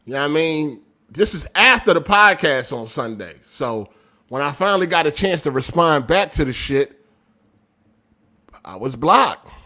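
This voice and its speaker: A man hosting a casual gaming podcast livestream, reading viewer messages aloud, talking loud and animated, laughing often, in street slang. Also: on the high side, unhurried. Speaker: podcast host reading super chats.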